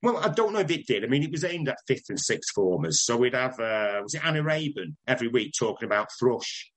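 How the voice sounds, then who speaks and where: An older man with a Manchester accent, telling stories in a casual interview, chatty and quick to laugh. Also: mid-range voice, sing-song, a bit bright, low-quality recording. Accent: Northern English, Manchester. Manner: chatty anecdotal, laughs often, does voices in stories. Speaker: interviewee, broadcaster.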